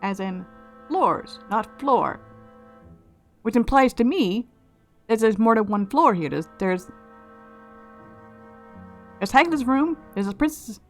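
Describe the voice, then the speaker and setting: A woman's voice: on the high side, animated, a little slow, pauses often, faint music behind. A woman hosting a let's play, musing aloud and speculating in casual gameplay commentary, often restarting her phrases.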